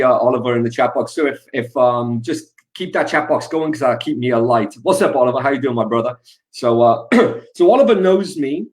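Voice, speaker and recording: Energetic man speaking on a video call. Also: medium pitch. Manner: energetic, hype-building. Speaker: guest speaker. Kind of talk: casual webinar talk.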